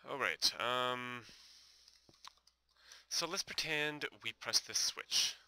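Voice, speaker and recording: A man's voice: medium pitch, slow, sharp tone, smooth. A young man giving casual gameplay commentary, thinking aloud and hesitating with many fillers.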